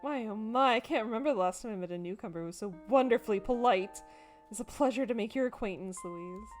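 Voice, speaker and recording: A woman voicing an effusive genteel lady with loud, courtly, old-fashioned phrasing in a story game. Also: fairly high pitch, fast talker, faint music behind, natural voice. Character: gushing genteel Southern-belle woman.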